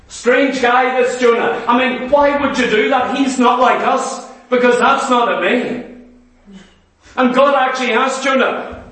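A man's voice: very high-pitched, moderate pace, a bit bright. A man preaching a sermon with passion, full of rhetorical questions and mock voices of his hearers. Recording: very echoey hall, voice from far off.

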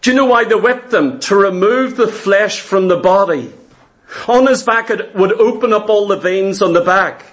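A man's voice: high voice, normal speed, a bit bright. A man preaching a sermon in an earnest, emphatic way, asking his listeners questions.

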